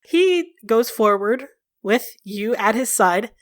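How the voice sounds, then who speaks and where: A woman's voice: on the high side, lively intonation, slow, no room sound, studio quality. A woman narrating a tabletop game as game master, casual with fillers.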